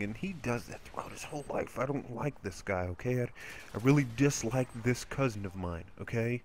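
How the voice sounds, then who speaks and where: Male gameplay commentator, casual and crude, rambling storyteller, mid-pitched voice. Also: lively intonation, a little fast, a little mellow, slight background noise.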